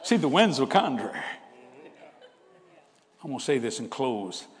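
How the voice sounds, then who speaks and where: An older man preaching a humorous storytelling sermon in a folksy way. He laughs often and swings between loud bursts and hushed asides. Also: mid-range voice, sing-song, a little slow. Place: church hall. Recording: hall reverb with faint background noise.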